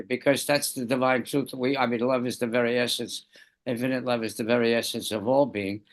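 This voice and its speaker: A man calmly sharing a personal practice in a group discussion on a video call, with soft repetition. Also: mid-range voice, normal speed. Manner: calm, softly repetitive. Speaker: study group participant. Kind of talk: casual sharing.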